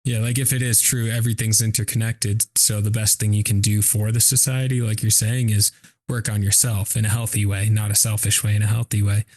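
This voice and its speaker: A man's voice: lowish voice, level tone, fairly quick, darkish tone, dry recording, clean studio sound. A man co-hosting a podcast in casual, thoughtful chat, talking loosely with many "like"s and "you know"s. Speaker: podcast co-host.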